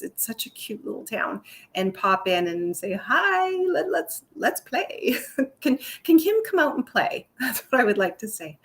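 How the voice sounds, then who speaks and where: A woman's voice: mid-range voice, a bit bright. A woman hosting a casual live-stream chat, bubbly and effusive, laughing often. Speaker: host.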